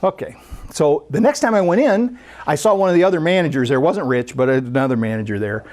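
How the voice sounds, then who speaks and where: A speaker at a spiritual center, telling a story during a sermon in a conversational, animated way. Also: mid-range voice, fast.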